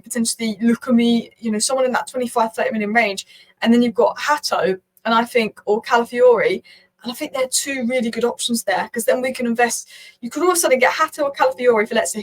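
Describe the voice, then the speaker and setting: A woman hosting her own football channel, giving rapid, opinionated commentary and thinking aloud as she talks. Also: fairly high pitch, poor audio. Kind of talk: casual talking-head commentary.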